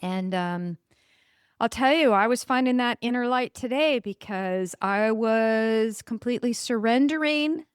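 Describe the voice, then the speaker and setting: A woman hosts her own podcast in a casual solo monologue, enthusiastic as she rambles a little and corrects herself along the way. Her voice is on the high side, animated, unhurried and smooth, with studio quality and no room sound.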